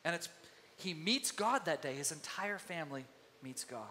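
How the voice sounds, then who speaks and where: A man preaching a sermon as pastor, lively and conversational, acting out the voices of biblical figures. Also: on the high side, normal speed, slight background noise. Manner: animated, acts out biblical voices. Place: church sanctuary. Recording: long hall reverb.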